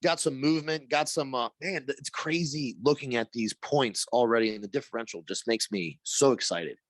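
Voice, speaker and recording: A man's voice: medium pitch, normal speed, dry recording. A man co-hosting a podcast, chatting casually and jokingly about hockey. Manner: animated, jokey, slangy. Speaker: podcast co-host.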